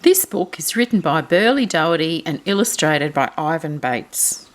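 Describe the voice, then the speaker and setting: A woman reading a picture book aloud to children, animated and asking them questions as she goes. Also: low-pitched, moderate pace.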